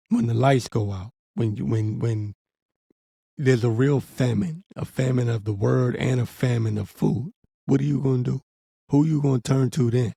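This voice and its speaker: A man's voice: medium pitch, normal speed, gravelly, warm tone, breathy edge, no room sound, clean studio sound. A man giving a blunt, profane, urgent warning in a preaching commentary vlog, with frequent restarts. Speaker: religious commentator.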